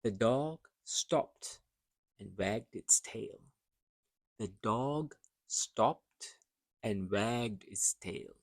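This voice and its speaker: Slow, careful male English teacher. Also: on the low side, expressive, no room sound, clean studio sound. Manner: models words carefully, then pauses for repetition. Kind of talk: slow, deliberate pronunciation drill.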